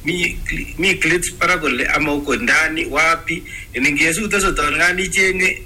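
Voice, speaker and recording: A man in casual conversation who speaks haltingly, often restarting his sentences mid-thought. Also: fairly high pitch, pushed and bright, slightly rough, rough recording. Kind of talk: casual chat.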